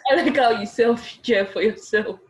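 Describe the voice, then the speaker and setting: A woman's voice: on the high side, normal speed, heavy background noise. A woman with a Nigerian accent chatting casually on a podcast, teasing and talkative. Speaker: podcast co-host. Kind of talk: casual group chat.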